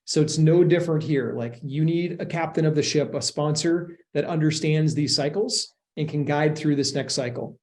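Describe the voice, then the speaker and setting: A man's voice: a little high, moderate pace, few pauses, darkish tone. A man who is a real estate investment sponsor, answering interview questions earnestly, explaining at length with frequent restarts.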